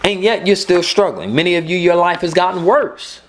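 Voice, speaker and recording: A man's voice: high voice, moderate pace. A middle-aged man preaching a sermon, emphatic and repeating his key points for the congregation.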